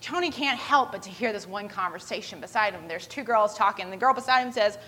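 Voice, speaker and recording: A woman preaching a sermon, retelling a story with lively voiced quotes. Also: medium pitch, quick pace, few pauses, poor audio.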